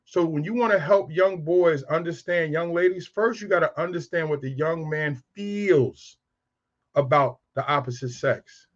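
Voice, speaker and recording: A man's voice: a little high, unhurried, muffled recording. A man in his fifties telling frank, streetwise stories about raising boys. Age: 50s. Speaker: speaker on raising sons. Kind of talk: candid storytelling talk.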